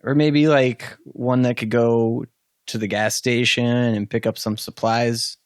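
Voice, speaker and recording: A man's voice: mid-range voice, little pitch movement, unhurried, no echo. A man at a tabletop game session, speaking in character in a loose, joking way. His voice sounds close and dry, with no room around it. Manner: offhand, joking. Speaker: player. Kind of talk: casual in-character chat.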